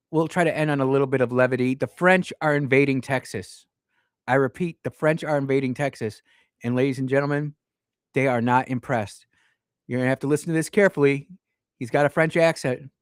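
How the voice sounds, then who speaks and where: A man's voice: mid-range voice, smooth, no room sound. A man hosting a talk radio show from a studio, speaking with passion and often repeating himself or restarting sentences. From Mississippi.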